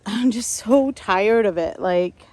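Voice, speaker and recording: A woman from upstate New York talking to her camera while she tends her garden, sighing, hesitant and thinking out loud. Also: medium pitch, slow, dry recording. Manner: sighing, hesitant, talks to herself while working. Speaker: gardening vlogger. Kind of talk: casual vlog narration. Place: outdoor garden.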